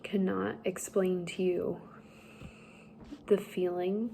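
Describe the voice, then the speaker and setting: A young woman slowly telling a personal story, halting and emotional at times. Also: on the low side, level tone, vocal fry, warm tone, slight background noise. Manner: slow, halting, tearful at times. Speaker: speaker sharing a personal story.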